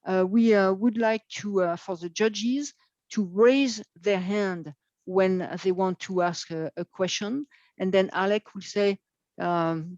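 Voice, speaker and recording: A woman moderating an online event, speaking haltingly with many filler sounds. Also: medium pitch, darkish tone, no room sound. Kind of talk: hesitant live announcements. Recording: dull lo-fi video call audio.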